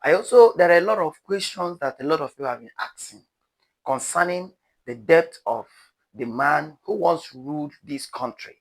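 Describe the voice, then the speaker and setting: A man's voice: fairly high pitch, normal speed, fairly bright tone. A man with a Nigerian accent giving dramatic, pleading commentary to his viewers as a news vlogger. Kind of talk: animated commentary to camera.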